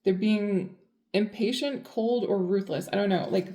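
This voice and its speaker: A woman's voice: mid-range voice, unhurried, dark tone, roomy sound. A woman giving a casual tarot reading, chatty and blunt, full of fillers. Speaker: tarot reader.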